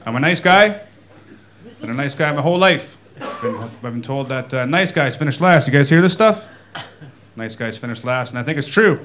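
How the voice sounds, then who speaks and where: A Canadian man doing a stand-up comedy set in a club, folksy and deadpan, tagging his lines with "eh?". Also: medium pitch, normal speed. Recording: live club set with audience laughter. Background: crowd laughter.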